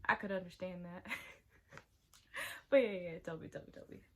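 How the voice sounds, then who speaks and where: With a fairly low pitch and a moderate pace, a young woman vlogs while reading viewer confessions, chatting casually. She's animated and exclamatory, with sudden loud outbursts and quiet asides.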